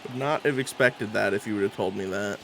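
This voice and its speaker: A man's voice: on the low side, brisk, vocal fry, crowd noise, rough recording. A man hosting a gaming channel, giving exasperated let's-play commentary as he talks to himself about the match.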